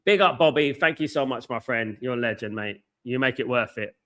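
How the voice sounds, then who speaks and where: A married man hosts a football watchalong, speaking quickly and passionately at a medium pitch. Buzzing with excitement, he repeats phrases, reads the chat aloud and gives viewers shout-outs in this casual live-stream talk. He's using a headset mic.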